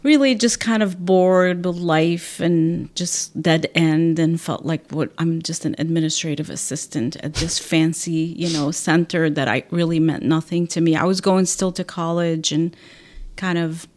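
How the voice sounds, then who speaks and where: A woman in her fifties from Syria, a podcast guest telling a personal story in a lively way, acting out what people said. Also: sits low, unhurried. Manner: animated, acts out quoted voices with laughter. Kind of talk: casual storytelling.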